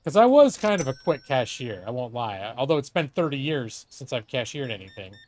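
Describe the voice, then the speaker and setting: Lively, chatty middle-aged man. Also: medium pitch, a little fast, slight background noise. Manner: chatty, profane, talks to himself and a co-host. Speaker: streamer. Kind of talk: live gameplay commentary.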